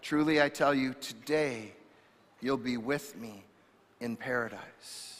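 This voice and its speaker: A man voicing a gentle dying man who speaks softly and slowly with forgiveness. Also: mid-range voice, in a large hall. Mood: tender. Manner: soft, slow, hushed.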